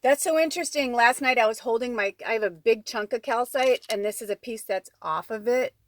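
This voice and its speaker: A woman's voice: a little high, brisk, no echo. A woman giving a casual spiritual card reading at home. She rambles in a chatty way, full of asides and "like". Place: at home indoors.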